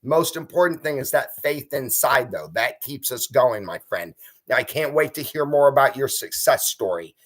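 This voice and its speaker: A man's voice: medium pitch, expressive, moderate pace. Encouraging man hosting a live stream. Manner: warm, encouraging, reads viewer comments aloud. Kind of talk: casual live stream chat.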